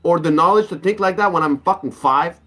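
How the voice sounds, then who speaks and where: A man's voice: fairly high pitch, brisk. A young adult man doing stand-up comedy, ranting with profanity and acting out quoted voices. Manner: animated, profane rants.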